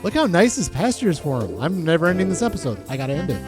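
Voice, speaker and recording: A man hosting a casual let's-play, chatting and thinking aloud with lots of fillers and excited outbursts. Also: a little high, quick pace, music in the background. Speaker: gaming channel host.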